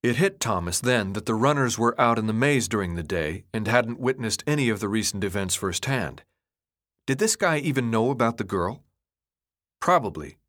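A man narrates a novel with expressive storytelling. His pitch sits mid-range but moves in lively arcs through each sentence. It is a scripted audiobook reading.

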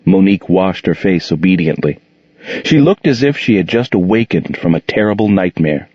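A man's voice: low-pitched, expressive, normal speed, husky, no room sound. A man narrating an audiobook expressively, putting on voices for the characters, in a dull, muffled recording.

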